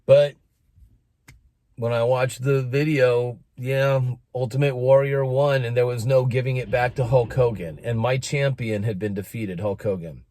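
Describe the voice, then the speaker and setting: A middle-aged American man telling a personal story in a casual monologue, animated and expressive. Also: medium pitch, normal speed, hardly any pauses, no room sound. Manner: animated, breaks into announcer-style shouting when quoting.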